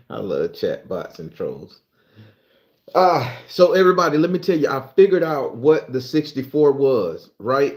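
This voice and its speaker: A man's voice: mid-range voice, big pitch swings, a little slow, a little mellow, reverberant. A man from southern Florida with a Southern American accent, hosting a casual livestream and chatting loosely with viewers, stumbling when he reads aloud. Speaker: livestream host.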